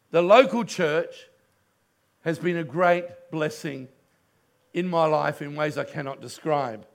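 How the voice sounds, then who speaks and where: A middle-aged man, preaching a sermon in church and telling a story with passion, dropping to a hush and then rising loud. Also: fairly high pitch, vocal fry. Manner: impassioned storytelling preacher, swings from hushed to loud. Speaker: pastor.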